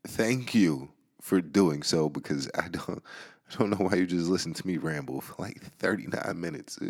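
A man's voice: sits low, normal speed, darkish tone, slightly rough. A man hosting a solo podcast, rambling casually with a Georgia accent, swearing and laughing often as he talks. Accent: Southern US, Georgia. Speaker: podcast host.

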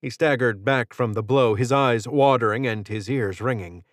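A man reading an audiobook narration in a steady, measured way. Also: mid-range voice, no echo, studio quality. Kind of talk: scripted narration.

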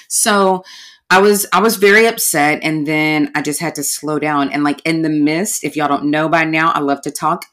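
A woman with a notably low voice talks through a solo podcast episode. She is chatty and candid, speaking straight to her listeners and calling them y'all. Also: steady tone, moderate pace, a bit bright. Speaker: podcast host. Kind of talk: casual podcast monologue.

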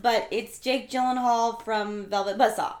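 A woman's voice: on the high side, steady tone, unhurried. A woman in a casual chat among friends, giving emphatic, easygoing opinions.

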